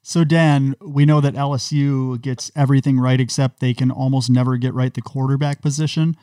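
A man's voice: mid-range voice, fairly even intonation, fairly quick, dark tone, dry recording. Dry-voiced man asking joking questions. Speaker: podcast co-host. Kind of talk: casual podcast chat.

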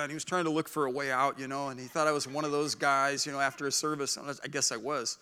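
A middle-aged man preaching a sermon as pastor, animated and acting out the voices of people in his stories. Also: mid-range voice, fast, few pauses, smooth.

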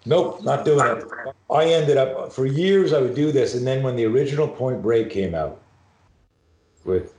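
A middle-aged man from Canada, a podcast guest, telling anecdotes in an animated, profane way, acting out voices as he goes. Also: medium pitch, moderate pace, roomy sound. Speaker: podcast guest, self-defense and fear expert. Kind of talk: storytelling in a podcast conversation.

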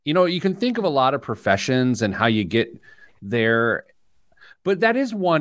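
A man's voice: mid-range voice, moderate pace, no echo. A man hosting a radio show, telling stories and joking in casual chat from a studio. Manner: lively storytelling, joking. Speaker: host.

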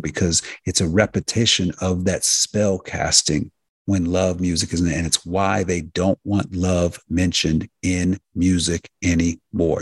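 Low gravelly-voiced male radio host. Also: no room sound, studio quality. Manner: emphatic, repetitive, preacher-like cadence; addresses listeners directly as folks and healers. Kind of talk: health talk radio monologue.

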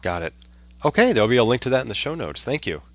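A man hosting a podcast, asking gentle, thoughtful questions. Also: medium pitch, big pitch swings, quick pace, no echo. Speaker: podcast host. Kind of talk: casual interview chat.

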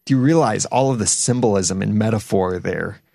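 A man's voice: on the low side, brisk, vocal fry, warm tone, no room sound, clean studio sound. A man hosting a casual podcast discussion about a TV show, reading listener comments aloud. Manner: conversational, reads listener comments. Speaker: podcast host.

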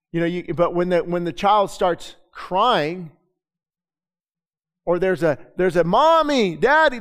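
A male pastor preaching a sermon to his congregation, talking in a conversational way that swells into impassioned, urgent pleading. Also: sits high. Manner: impassioned, swings from quiet to loud; repeats words and restarts, conversational. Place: church sanctuary before a congregation. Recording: long reverb of a large hall.

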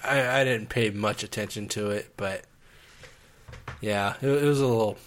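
Hesitant man, low voice. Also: normal speed, a little hiss or hum. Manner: hesitant, restarts and trails off. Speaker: podcast co-host reviewing films. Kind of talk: casual chat.

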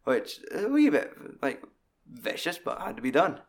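Man, casual co-host, loose sweary recap with quick acted-out quotes. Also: fairly high pitch. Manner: animated, sweary, acts out quotes. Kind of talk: casual film discussion.

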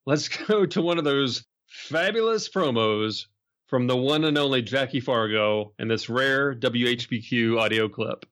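A man's voice: mid-range voice, measured pace, a bit bright. A man hosting a wrestling history podcast, telling stories with enthusiasm. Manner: enthusiastic storytelling. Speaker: podcast host.

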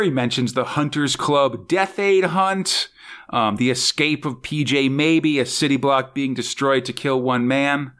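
A man's voice: on the high side, a bit bright. A man hosting a casual podcast chat, rambling and hesitant, with lots of fillers and small laughs. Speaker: podcast host.

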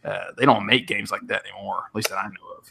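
A man in his thirties, a podcast co-host telling animated stories in casual chat and acting out the voices. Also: fairly low pitch, quick pace, gravelly, breathy edge. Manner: animated storyteller who acts out voices.

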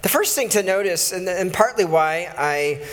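A man's voice: high-pitched, lively intonation, normal speed, in a large hall. A male pastor giving a conversational sermon and reading scripture aloud, often correcting himself and adding chuckling asides.

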